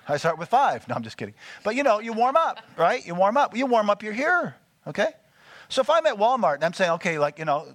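Coaching preacher, dry close sound. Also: male voice, a little high, a bit bright, dry recording. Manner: coaching, with frequent check-ins. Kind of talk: teaching sermon with group exercises. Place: small church gathering.

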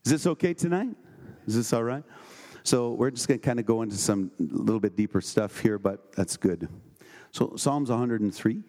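A man preaching a sermon, reading scripture aloud and checking in with the congregation with quick questions. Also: mid-range voice, animated, mellow. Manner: conversational, with emphatic questions to the congregation.

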